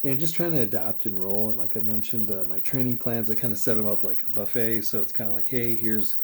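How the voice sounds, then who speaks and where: Mellow low-voiced man recounting a race. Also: fairly quick. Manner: rambling, reflective, with many fillers and quoted dialogue. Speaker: triathlete vlogger. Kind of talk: casual vlog storytelling.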